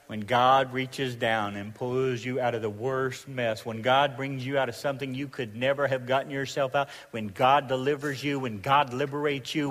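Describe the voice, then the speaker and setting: A middle-aged pastor from Arkansas preaches with a Southern accent in a folksy, joking style, falling into a repetitive cadence of repeated phrases. His voice is medium-pitched and fairly bright, trailed by a long reverb tail.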